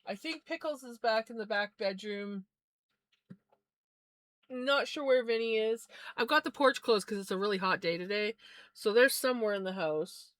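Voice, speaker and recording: A woman's voice: on the high side, fairly bright tone, dry recording. A woman chatting casually on a livestream while spinning yarn, easygoing and a bit scattered as she talks to her viewers.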